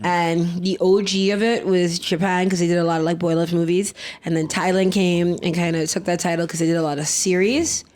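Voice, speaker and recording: A woman's voice: on the low side, steady tone, fairly quick, hardly any pauses, a little mellow. A woman in her thirties chatting casually as a podcast co-host, rambling with plenty of fillers and talking with food in her mouth. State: eating while talking. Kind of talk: casual chat.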